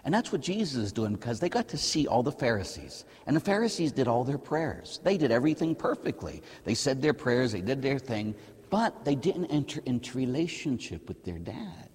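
Middle-aged American priest, husky, lively, sermon with a long church echo. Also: male voice, mid-range voice, fairly quick. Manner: lively, conversational preaching, asks the audience "huh?".

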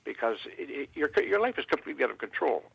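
A man from Canada, a guest in an interview, speaking haltingly with many fillers and restarts. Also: mid-range voice, sing-song, gravelly, breathy edge, dry recording, lo-fi sound.

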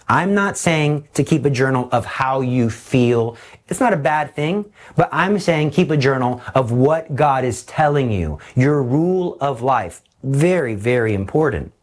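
A middle-aged man preaching a sermon with storytelling, animated and fond of acting out examples. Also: fairly high pitch. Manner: animated, shifts into voices for examples.

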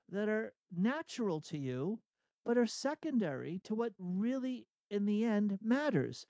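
Guy on catholic radio, kinda high mellow voice, dry studio, thinking out loud. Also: expressive, a little slow, no echo. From outside Boston. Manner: thinking aloud, frequent restarts and rhetorical questions. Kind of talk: reflective spiritual talk.

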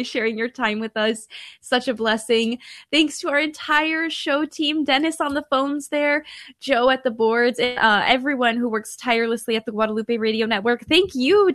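A woman's voice: high-pitched, a bit bright. A woman hosting a radio show, cheerfully thanking guests and listeners and laughing at her own jokes.

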